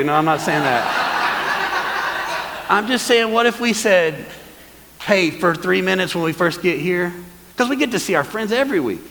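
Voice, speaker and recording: A man preaching a sermon as pastor, lively and calling on the congregation to answer back. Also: high voice, moderate pace, long pauses, in a large hall, rough recording. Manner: lively, calls for congregation responses. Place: church hall.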